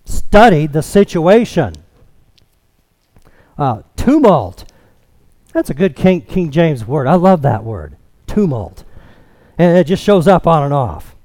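A man with a notably high voice preaching a sermon, taking his time over each phrase and leaning on key words. The sound is close and dry, with no room around it. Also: sing-song, darkish tone, dry recording. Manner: slow, emphatic expository preaching.

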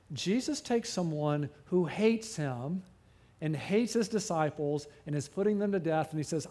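A middle-aged man preaching a sermon, animated, with big swings up and sudden drops. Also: sits high. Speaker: pastor.

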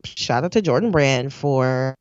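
A woman co-hosting a casual chat show, relaxed, slangy and upbeat. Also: extremely low pitch, unhurried, dry recording. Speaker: co-host. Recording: dull lo-fi dry sound.

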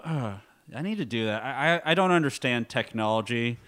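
A man's voice: medium pitch, animated, moderate pace, fairly bright tone. A young man hosting a casual podcast chat, stammering a little and laughing often between stories. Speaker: podcast host. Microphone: podcast mic at a table.

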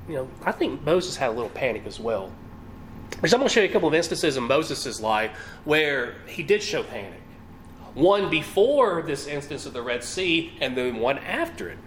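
A man's voice: a little high, very animated, moderate pace, fairly bright tone, a little hiss or hum. A man preaching a sermon, reading scripture aloud and putting rhetorical questions to his listeners.

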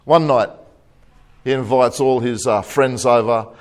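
A man's voice: mid-range voice, steady tone, a little slow. A man preaching a sermon, telling a joke and laughing at his own punchlines. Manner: jokey storyteller, chuckles at own jokes.

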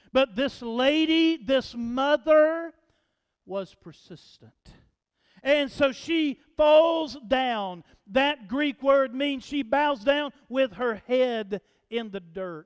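A male pastor, preaching slowly and dramatically, swelling to loud calls and dropping to hushed lines. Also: very high voice, lively intonation, clean tone. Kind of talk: sermon. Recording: long reverb in a large hall.

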